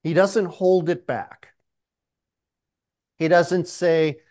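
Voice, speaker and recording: A man preaching a sermon, slow and emphatic, often clearing his throat. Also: high-pitched, fairly even intonation, a little mellow.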